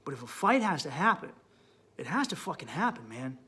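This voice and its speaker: A man's voice: a little high, very animated, brisk, breathy edge. A man hosting a podcast and giving blunt, profane relationship advice in an emphatic monologue. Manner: blunt, emphatic, swears a lot, swings up loud when worked up. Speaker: podcast host and comedian.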